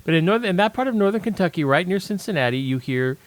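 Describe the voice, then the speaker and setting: A man's voice: high voice, lively intonation, fast talker, no room sound. A man co-hosting a true-crime podcast, chatty and casual, often repeating himself as he starts a thought. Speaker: podcast co-host.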